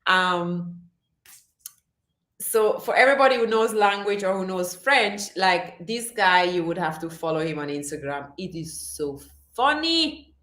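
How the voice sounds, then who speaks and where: A woman's voice: lowish voice, lively intonation, a little slow, a bit bright. A woman hosting a casual livestream chat, reading viewer comments aloud and laughing often. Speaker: livestream host. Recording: echoey room.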